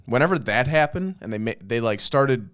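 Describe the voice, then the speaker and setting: A man's voice: medium pitch, lively intonation, fairly quick, a bit bright, clear, resonant tone. A man co-hosting a podcast, chatting casually, rambling and restarting his sentences, with plenty of swearing. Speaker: podcast co-host. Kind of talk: casual chat.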